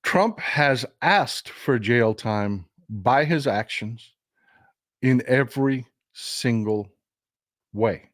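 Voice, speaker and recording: A man's voice: mid-range voice, animated, very slow, dry recording, clean studio sound. A man hosting a livestream of casual political commentary, emphatic and full of repeats and restarts, talking straight to his viewers. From Texas. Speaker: livestream host.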